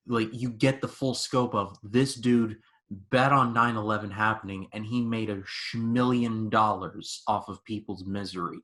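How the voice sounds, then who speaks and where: A man's voice: lowish voice, unhurried. A man in his twenties hosting a podcast, chatting casually and animatedly about movies with plenty of "like". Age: 20s. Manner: animated storyteller, lots of "like". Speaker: podcast host. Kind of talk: casual movie review chat.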